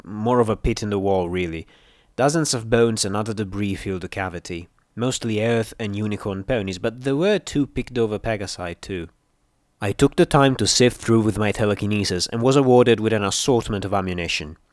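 A man reading fiction aloud in a steady, measured storytelling voice, close to the mic. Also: lowish voice, no room sound. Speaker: audiobook narrator. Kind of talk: scripted fiction narration.

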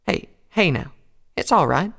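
A man's voice: mid-range voice, animated, a little fast, gravelly, a bit bright, smooth. A man voicing a brave, down-to-earth farm pony mare with a folksy country drawl. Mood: steady folksy.

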